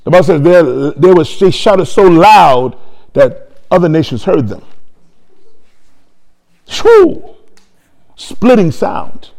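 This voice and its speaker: A man preaching a sermon, telling a story quietly and then building to loud, shouted praise. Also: fairly high pitch, vocal fry. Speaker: pastor.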